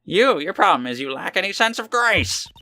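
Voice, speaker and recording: A man's voice: high-pitched, big pitch swings, normal speed, pushed and bright, voice pushed up, exaggerated voice. A man voicing a grumpy old man who scolds and complains in huffy bursts. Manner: cranky, huffing complaints.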